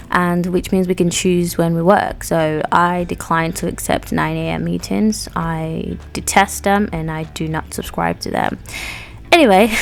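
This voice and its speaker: A woman in her twenties speaks in a lowish, creaky voice, with a little hiss or hum in the recording. She's a vlogger chatting casually to viewers in a home vlog, talking straight to camera and laughing often.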